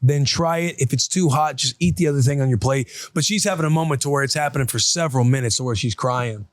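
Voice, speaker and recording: A man co-hosting a casual podcast, telling a family story with lively reenactments of his toddler. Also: mid-range voice, fast talker, no room sound. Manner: animated storyteller, acts out his toddler's lines. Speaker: podcast co-host. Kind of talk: casual chat.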